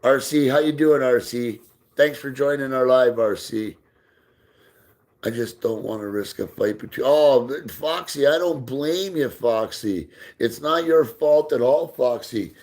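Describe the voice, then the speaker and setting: A man hosting a casual live stream, reading out viewer comments, answering them, and talking softly to his dog while they play ball. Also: medium pitch, unhurried. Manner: reads out and answers viewer comments, often drops into soft baby talk for his dog. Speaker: livestream host.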